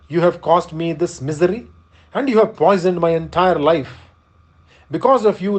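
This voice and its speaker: Male reader doing furious young prince; high, husky voice, accusing tone, read-aloud epic. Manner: accusing, bitter reproach.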